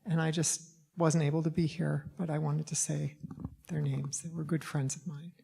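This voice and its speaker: A congregant speaks a short, halting remembrance from across the room. The voice is gravelly with a flat delivery. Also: medium pitch.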